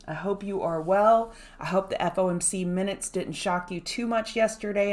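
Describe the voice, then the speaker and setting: A woman hosting a morning trading livestream, greeting viewers by name and explaining market moves in a casual, chatty way. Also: lowish voice. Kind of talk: casual live-stream chat.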